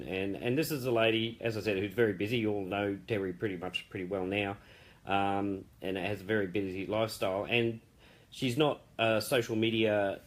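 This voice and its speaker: A man, founder of an online group, giving a casual live-stream update in a chatty, rambling way, warmly praising members. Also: fairly low pitch.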